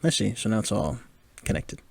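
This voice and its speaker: A man's voice: on the low side, very animated, brisk, creaky, a little mellow, breathy edge, dry recording, studio quality. A man in his twenties hosting a podcast, giving casual movie commentary with lots of laughs and filler words. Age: 20s. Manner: chatty, laughing, filler-heavy. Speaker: podcast host.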